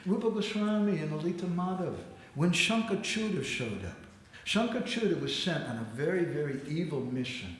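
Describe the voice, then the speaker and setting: A man giving a lively storytelling sermon, slipping into acted quotes and frequent laughter. His voice sits a little high for a man and rings through a very echoey temple hall, with faint background noise. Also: normal speed. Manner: animated, acts out quotes, laughs often. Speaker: spiritual teacher giving a class.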